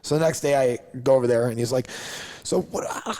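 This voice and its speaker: Guy founder telling a story on a podcast, super animated, says "like" constantly. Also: medium pitch, brisk. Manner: animated, acts out others' lines, heavy use of "like". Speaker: podcast guest, coffee company founder. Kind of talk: casual storytelling.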